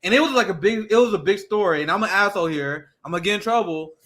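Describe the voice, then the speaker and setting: High, bright-voiced ranting podcast host. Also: male voice, expressive, quick pace. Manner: profane, ranting, mocking impressions. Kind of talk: casual chat.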